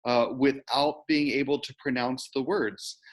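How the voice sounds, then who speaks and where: A man's voice: mid-range voice, steady tone. Male moderator on a video call, keen, restarts his questions. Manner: enthusiastic, halting questions with restarts. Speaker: program moderator.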